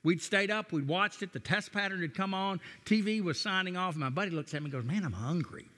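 Bright-voiced Southern preacher in his sixties. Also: high-pitched, a little fast, long reverb tail. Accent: Tennessee and Texan Southern American. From Nashville, Tennessee, USA. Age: 60s. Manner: folksy storytelling, self-deprecating humor. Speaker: guest pastor. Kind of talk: sermon.

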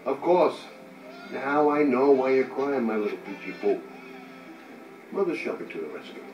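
An actor playing a middle-aged detective, speaking softly and coaxingly to a baby, in a video game. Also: male voice, mid-range voice, lively intonation, normal speed, muffled recording, lightly acted. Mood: tender. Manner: soft, coaxing baby talk. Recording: roomy, distant game audio with music.

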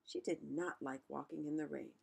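A woman's voice: sits low, brisk, gravelly, slightly rough. A woman reading a picture book aloud, chatty and musing, with asides between pages. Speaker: storyteller.

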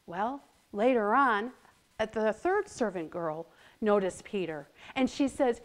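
A woman teaching a children's Bible lesson, full of animated storytelling. Her voice sits fairly high and swings widely in pitch as she dramatizes each moment and puts on voices for the characters. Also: measured pace. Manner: animated, expressive, acts out voices.

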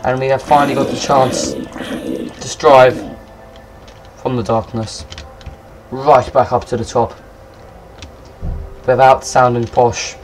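Excitable rambling man gaming. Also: medium pitch, takes it slowly, pauses often, a little hiss or hum. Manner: excitable, rambling, swears at monsters. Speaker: gameplay commentator. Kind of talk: casual let's-play commentary.

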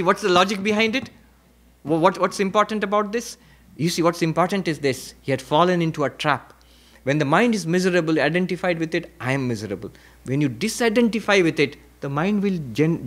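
Man teaching spirituality, slightly high voice. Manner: reflective teaching with repetition and rhetorical questions; varies pitch and pace for emphasis. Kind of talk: spiritual lecture at a retreat.

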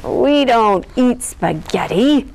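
A woman's voice: a little high, expressive, slow pace, darkish tone. A woman voicing a stern male lion teacher. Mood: instructing.

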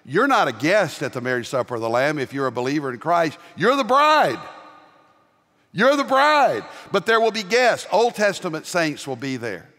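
An older man from the American South with a Southern accent, preaching a sermon as pastor with homespun humor and loud, emphatic rises. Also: a little high, sing-song, normal speed. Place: large church sanctuary. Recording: long reverb of a large church.

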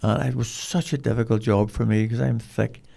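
An older man with a Northern Irish accent, telling rambling, animated stories as an interview guest. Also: medium pitch, normal speed, gravelly. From Northern Ireland. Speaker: guest, dog trainer. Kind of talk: casual storytelling.

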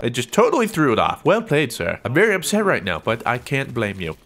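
A young man giving jokey, excitable commentary over his own gameplay as a gaming YouTuber. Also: fairly high pitch, normal speed, hardly any pauses. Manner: excitable, jokey, prone to yelps and laughs.

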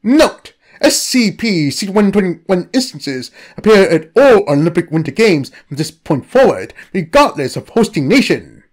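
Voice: mid-range voice, very animated, unhurried, hardly any pauses. A narrator reading a comedic anomaly file in a scripted style.

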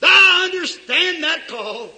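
A man's voice: very high voice, expressive, a little fast, bright, forceful tone, full character voice. A man voicing a confused young eaglet who was raised among chickens. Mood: wondering. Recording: echoey hall recorded from far off.

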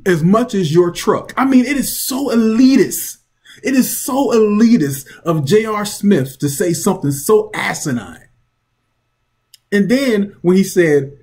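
Man, vlog ranter at home; fairly high, husky voice, profane, mocking. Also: a little mellow. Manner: blunt, profane, mocking, laughs often. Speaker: vlog commentator. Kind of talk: casual opinion rant.

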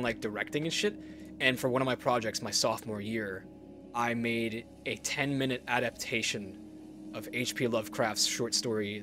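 A young man hosting a let's play, chatting excitably and swearing casually as he plays. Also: mid-range voice, noisy background. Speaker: gaming video host.

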